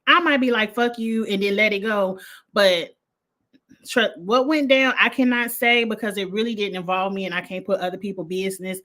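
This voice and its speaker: A woman, reviewing a reality show in a blunt, animated casual livestream chat with frequent laughter. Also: mid-range voice, moderate pace. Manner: blunt, animated, laughs often, uses slang.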